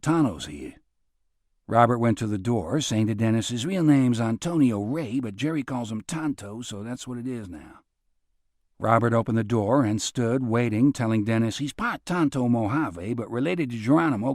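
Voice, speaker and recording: A man's voice: medium pitch, darkish tone, dry recording. Man narrating an audiobook, dry close sound. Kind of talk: scripted narration.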